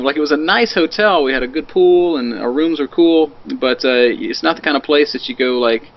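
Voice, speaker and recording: Gravelly man telling a story. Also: medium pitch. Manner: animated, acts out quoted voices. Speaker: podcast panelist. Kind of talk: casual storytelling. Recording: dull lo-fi audio.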